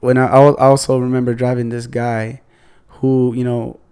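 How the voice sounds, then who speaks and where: A man who is a guest on a podcast, relaxed and agreeable, often chuckling along. His voice has a gravelly edge but stays smooth and resonant. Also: mid-range voice. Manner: easygoing, agreeable, quick to laugh. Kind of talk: casual chat.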